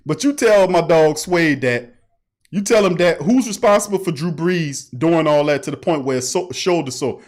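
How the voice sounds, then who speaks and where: A high-pitched man hosting a loose sports talk show. He talks in an animated, emphatic way, hammering the same phrases again and again, and breaks into laughter between points. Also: moderate pace. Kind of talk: casual sports talk livestream.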